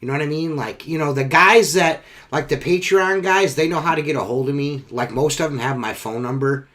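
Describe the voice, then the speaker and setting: A man's voice: on the high side, a little fast, fairly bright tone. A man hosting a casual podcast, rambling and swearing, repeating himself as he talks. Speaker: podcast host.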